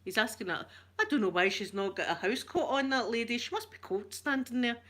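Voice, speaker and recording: A woman's voice: fairly high pitch, animated, fairly quick, fairly bright tone. A Scottish woman hosting an ASMR channel, chatting in a rambling, jokey way and greeting viewers by name. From Scotland. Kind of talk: chatty live-stream talk.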